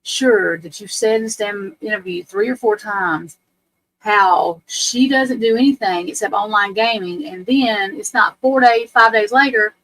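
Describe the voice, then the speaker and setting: A woman's voice: medium pitch, measured pace, a bit bright, a little hiss or hum, poor audio. A woman hosting a livestream, ranting bluntly and with profanity about a court case. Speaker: livestream host. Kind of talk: casual livestream commentary.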